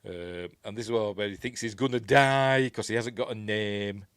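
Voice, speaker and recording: A man's voice: on the low side, moderate pace, fairly bright tone, clean tone, dry recording. A man with a Yorkshire accent hosting a casual film commentary, rambling and chuckling as he corrects himself. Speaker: host.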